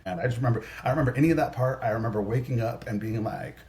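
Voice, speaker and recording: A man's voice: mid-range voice, rapid-fire, darkish tone. A man in his thirties, a podcast guest telling stories in a casual, rambling way, full of "like" and restarts. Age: 30s. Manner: rambling, heavy use of "like", frequent restarts. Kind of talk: casual storytelling chat.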